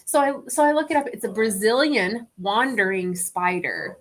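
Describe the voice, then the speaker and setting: A woman telling a story as a guest in a casual chat, animated and laughing often. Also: a little high, moderate pace.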